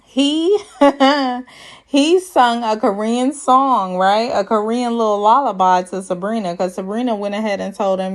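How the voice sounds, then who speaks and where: A chatty woman with a fairly high voice runs a casual recap of a reality dating show. She is sassy and playful, laughs at her own jokes and slips into put-on voices to quote people. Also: measured pace.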